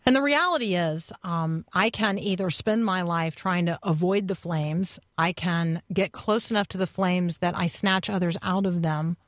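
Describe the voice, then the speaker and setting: A woman hosting an interview, asking questions in an earnest, measured way. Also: lowish voice, no room sound, clean studio sound. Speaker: radio talk show host.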